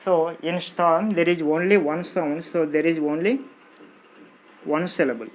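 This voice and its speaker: Unhurried teacher, drills exam vocabulary by saying each word again and again and counting syllables aloud. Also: medium pitch. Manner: repeats each word slowly, stretching syllables and counting them out. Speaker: English teacher. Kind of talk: exam-prep grammar lesson.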